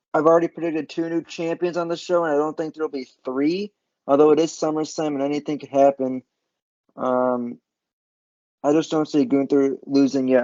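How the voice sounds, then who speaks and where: A man with a fairly high voice argues his pick in a casual wrestling chat. The sound is dry and close with no room around it. The recording is dull and lo-fi. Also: warm tone, no room sound.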